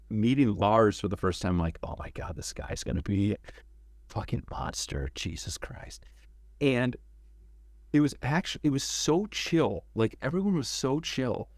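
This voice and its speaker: Guy with a lowish voice telling stories in an interview, animated, swears a lot, dry sound. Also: no room sound. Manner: animated storyteller, acts out quotes, swears freely. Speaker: interview guest, former game cinematics director. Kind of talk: casual storytelling interview.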